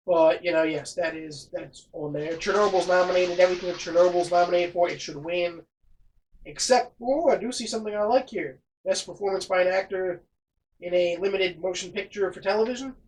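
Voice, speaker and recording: A man's voice: sits high, poor audio. A man hosting a casual podcast, reading award picks and cursing in exasperation at his co-host. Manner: profane, exasperated, rattling off picks. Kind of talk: casual chat.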